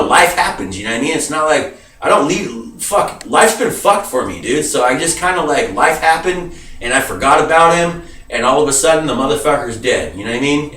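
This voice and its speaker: A vlogger, grieving and agitated, rants emotionally to the camera, swearing heavily, speaking emphatically and calling his viewers "dude." His voice sits on the high side and sounds a bit bright. The mic is distant, giving a roomy sound.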